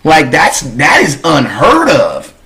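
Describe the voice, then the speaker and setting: A man co-hosts a casual sports talk show, his voice sitting a bit high. He rambles through his points, leaning on "like" and restarts as he goes. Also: huge pitch swings, takes it slowly, gravelly, sharp tone, poor audio. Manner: rambling, lots of fillers.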